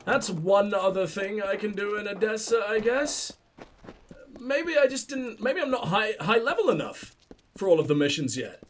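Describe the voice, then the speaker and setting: A man's voice: high-pitched, sing-song, normal speed, slight background noise. A man with a stuffy cold, rambling and swearing sarcastically while commentating his own gameplay. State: congested with a cold or flu. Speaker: let's play host.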